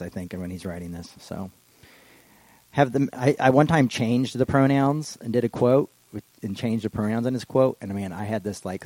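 A man preaching a casual, rambling sermon that slows for solemn readings. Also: fairly low pitch, a little mellow, no room sound, low-quality recording. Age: adult with children. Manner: casual and digressive, slows down for quotations. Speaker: pastor. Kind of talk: informal sermon.

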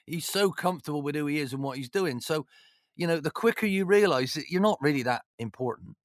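Animated man, lively rambling talk. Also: fairly high pitch, fairly quick, no room sound, clean studio sound. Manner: animated, rambling, jokey, many "you know"s. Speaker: former football manager, interview guest. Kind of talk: casual storytelling chat.

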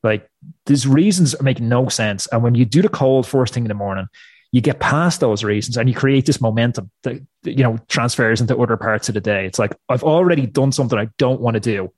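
A man's voice: medium pitch, a little fast, a little mellow, no echo. A man talking as a podcast guest with punchy, motivational emphasis. His voice sits in a middle range and the recording is dry and close. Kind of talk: podcast interview talk.

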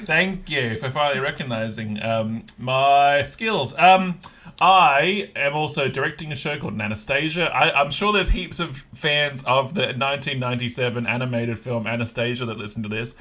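A young Australian man, a comedian guest on a podcast, talking in a deadpan, self-mocking way. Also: medium pitch, moderate pace. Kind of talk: casual comedy podcast chat.

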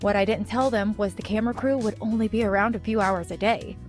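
A woman's voice: mid-range voice, fairly even intonation, quick pace, soft background music. A young woman narrating a first-person story in a chatty, dramatic way. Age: young adult.

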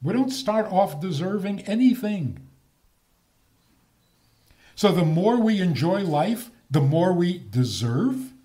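Lively, unhurried man lecturing. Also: high-pitched. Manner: animated, rhetorical questions, chuckles at own points. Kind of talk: lecture with humor.

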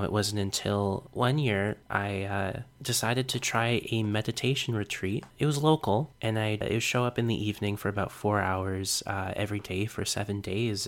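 A young man hosts his podcast and tells a personal story in a reflective, earnest manner, now and then with a small self-conscious laugh. His voice sits a little low for a man. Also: fairly bright tone. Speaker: podcast host.

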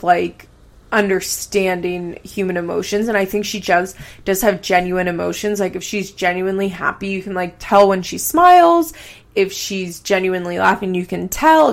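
Creaky-voiced chatty woman podcaster. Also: medium pitch, moderate pace. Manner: chatty, swears casually, heavy use of "like". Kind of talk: casual reality-TV commentary.

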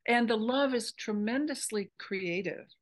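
A woman's voice: on the high side, a little slow. A woman spiritual teacher in an interview, earnestly explaining a meditation practice step by step.

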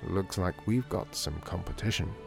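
A man voicing a laid-back, easygoing man who talks quietly and low. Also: normal speed, gravelly, soft background music. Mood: relaxed.

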